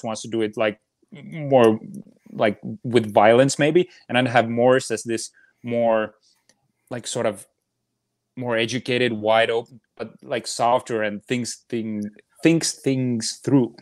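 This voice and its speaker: A man co-hosting a casual movie chat in a relaxed, joking way. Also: mid-range voice, a little slow, dry recording, studio quality. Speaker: co-host of a movie podcast.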